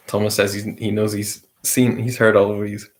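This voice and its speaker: A man's voice: on the low side, level tone. A man hosting a casual quiz, reading each question and repeating it. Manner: repeats questions slowly, with light chuckles. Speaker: quiz host.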